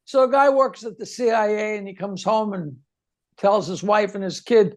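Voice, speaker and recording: A male comedian telling jokes in a relaxed, animated way during a video-call chat. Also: high voice, normal speed, creaky.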